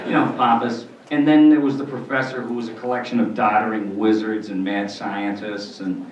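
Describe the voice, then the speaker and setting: Man in his sixties, animated convention Q&A talk, muffled distant recording, faint background noise. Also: mid-range voice, moderate pace, reverberant. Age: 60s. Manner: rambling, animated storytelling. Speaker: voice actor panel guest. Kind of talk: convention panel Q&A. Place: convention panel room. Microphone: filmed from the audience.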